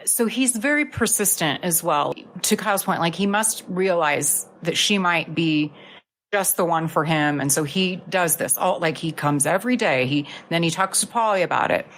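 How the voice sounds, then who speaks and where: A woman's voice: lowish voice, moderate pace, fairly bright tone. A woman co-hosting a podcast, agreeable and curious, asking the others questions. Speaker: podcast co-host. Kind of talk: casual film discussion.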